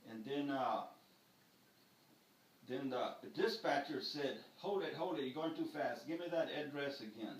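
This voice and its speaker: An older man tells a story in an animated way, acting out each moment as he goes. His voice sits in the middle of the range for a man. It is recorded from a distance in a very echoey room with a faint hiss. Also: mid-range voice, a little slow. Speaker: karate teacher. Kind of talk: telling a personal story.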